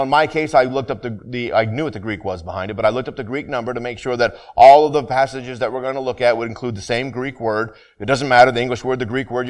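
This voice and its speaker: Earnest male pastor preaching a sermon. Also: medium pitch. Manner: earnest, repeats and restarts phrases, slows for scripture and prayer.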